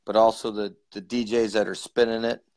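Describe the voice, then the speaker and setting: A man's voice: on the low side, level tone, a little fast, a little mellow, no echo. A man co-hosting a casual live chat over a video call, joking and laughing easily. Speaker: co-host.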